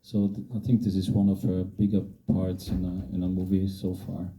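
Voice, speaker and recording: Low dark-voiced man, measured. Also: monotone, poor audio. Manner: measured, hesitant with frequent "uh". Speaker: film director. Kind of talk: post-screening Q&A answers.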